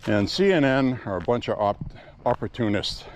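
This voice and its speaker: A man's voice: mid-range voice, lively intonation, normal speed, slight background noise. A man talking to his phone camera while walking outdoors, speaking bluntly and with emotion, sometimes swearing. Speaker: vlogger. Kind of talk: walking vlog monologue.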